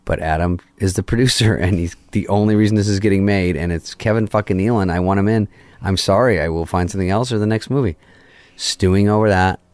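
A middle-aged man with a deep, low voice tells a story as a guest in a casual chat. He swears freely and acts out what each person in it said. His voice is close and dry, with no room around it. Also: fast, dry recording. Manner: profane, animated, acts out quoted lines.

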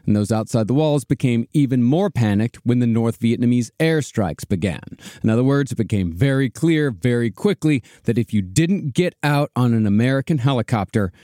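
A man tells a history story on a podcast, steady and measured, with the odd "uh" slipping in. His voice sits in a middle register, recorded close and dry with no room sound. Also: mid-range voice, dry recording. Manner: steady narrating, with hesitant fillers. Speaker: podcast host telling history.

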